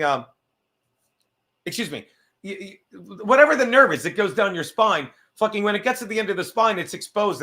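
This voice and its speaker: A livestream host with a high voice and a bright, forceful tone. He talks casually and swears constantly. His sentences ramble and break off as he stops to fumble with his setup. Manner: profane, rambling, self-interrupting; reads viewer messages aloud.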